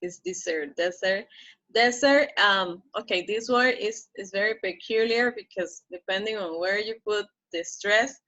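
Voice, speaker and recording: A woman teaching English pronunciation. She says each model phrase slowly and carefully and checks in with "okay?" after it. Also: mid-range voice, bright, forceful tone, lo-fi sound. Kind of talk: pronunciation lesson.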